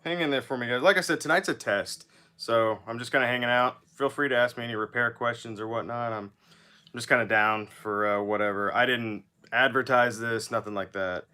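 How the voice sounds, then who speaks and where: A man's voice: mid-range voice, steady tone, fairly quick, pushed and bright, smooth. A man hosting a casual livestream, chatting in a rambling way while repairing action figures and reading chat aloud.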